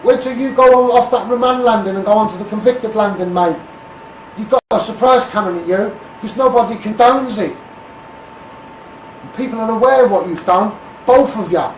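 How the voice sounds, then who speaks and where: A man's voice: sits high, normal speed, roomy sound, far from the mic, slight background noise, low-quality recording. A man with a Scouse accent from the Liverpool area, ranting bluntly on a phone live stream and calling everyone mate. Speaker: Facebook Live campaigner.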